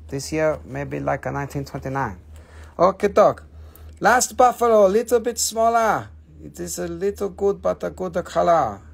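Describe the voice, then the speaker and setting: A man selling on a live stream, rambling and joking with plenty of swearing. His voice sits a little high and carries a gravelly fry. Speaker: seller on a live shop stream. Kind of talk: casual live sales chat.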